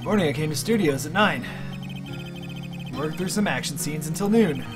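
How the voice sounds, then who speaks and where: A streamer doing a sheepish, soft-hearted actor. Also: medium pitch, expressive, normal speed, close to an everyday voice. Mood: earnest. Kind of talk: reading game dialogue aloud on a stream. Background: game music.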